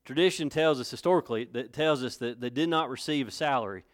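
A man's voice: medium pitch, fast talker. A man preaching a sermon in a folksy, conversational way, rising to emphatic points. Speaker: pastor.

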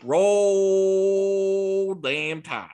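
A man voicing a brash, foul-mouthed Southern sports bettor, doing a loud, cocky impression with a Southern accent on a podcast. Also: sits high, very slow, smooth, voice pushed up.

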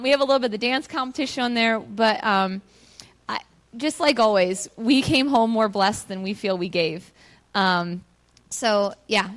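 A woman sharing a personal mission-trip testimony with a church audience, telling the story in a chatty, earnest way and acting out what people said. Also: mid-range voice. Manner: animated storyteller who acts out quoted dialogue; earnest, chatty, many fillers.

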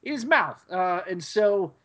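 A man co-hosting a podcast, giving a rambling, hesitant episode recap full of fillers and pauses. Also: high voice, very animated, a loud crowd. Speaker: podcast co-host.

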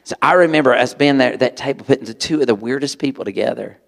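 A man preaching to a live audience, telling a personal story in an animated way and acting out voices. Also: mid-range voice, quick pace, gravelly. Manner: animated, acts out voices, sudden loud outbursts. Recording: long hall reverb.

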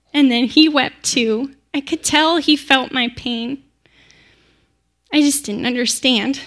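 A woman's voice: high-pitched, a bit bright. A woman playing Mary, heartfelt and devoted. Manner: heartfelt, conversational storytelling. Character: devoted young woman disciple, sister of a raised man. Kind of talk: first-person dramatic monologue.

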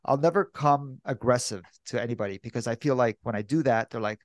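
A man's voice: medium pitch, a little fast, no room sound. A man co-hosting a casual podcast, telling stories in a hesitant, self-doubting way. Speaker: podcast co-host. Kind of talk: casual chat.

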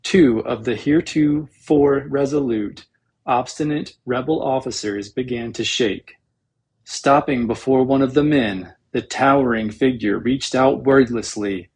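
A man reading a novel aloud as an audiobook narrator, in a measured, dramatic storytelling manner with a husky voice. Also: medium pitch, a little mellow.

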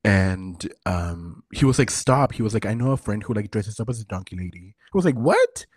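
A man's voice: lowish voice, brisk, dry recording. A tipsy man co-hosting a podcast, telling stories with lots of "like," swearing and giggles. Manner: animated storyteller, frequent "like" and swearing, giggly. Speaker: podcast co-host. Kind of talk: casual chat.

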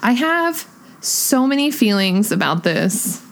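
A young woman talks in an excitable, gushing rush, her voice sitting a little high. She piles up "like" as she reacts to a film in casual chat. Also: slow pace. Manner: excitable, gushing, many "like" fillers.

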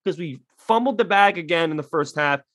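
A man's voice: on the high side, expressive, a little fast, fairly bright tone, dry recording. A man ranting bluntly in casual sports talk, swearing freely and getting heated. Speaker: podcast co-host.

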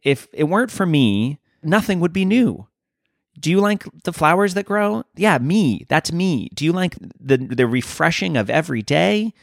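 Man playing an easygoing male Grim Reaper, calm, matter-of-fact, dry close sound. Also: on the high side, normal speed, gravelly, dry recording, pitched above the performer's own voice. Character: casual, good-natured male Grim Reaper.

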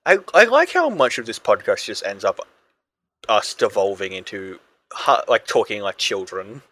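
A man's voice: on the low side, very animated, moderate pace, fairly bright tone, no echo. A man co-hosting a podcast in playful, sweary, laughing chat. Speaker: podcast co-host. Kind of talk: casual chat.

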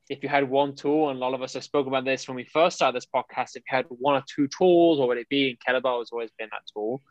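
A man's voice: medium pitch, dry recording, lo-fi sound. Rambling male trainer on a podcast. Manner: rambling, restarts often, conversational. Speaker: personal trainer, podcast co-host. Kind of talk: casual podcast chat.

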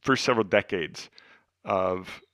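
A man hosting a podcast, teaching the Bible in an earnest, conversational way, dropping to hushed tones for emphasis. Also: deep voice, a little slow, dry recording, studio quality. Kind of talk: casual teaching talk.

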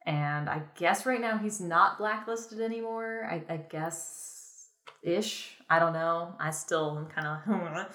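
A woman with a lowish voice chats casually about films, rambling and breaking into laughs. The room around her sounds echoey. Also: slow, fairly bright tone. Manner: rambling, frequent laughs and filler words. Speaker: podcast co-host. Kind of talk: casual film review chat.

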